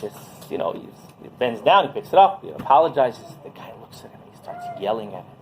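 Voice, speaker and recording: Animated rabbi telling stories. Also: male voice, mid-range voice, fairly quick, slight background noise, rough recording. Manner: animated, keeps asking "right?". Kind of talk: Torah class storytelling.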